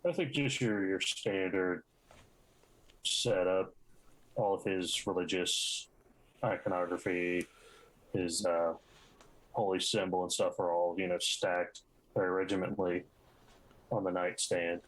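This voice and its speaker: A man's voice: sits low, fairly even intonation, a little slow, long pauses, poor audio. A man playing a tabletop game, describing his character's room hesitantly with many fillers. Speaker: player.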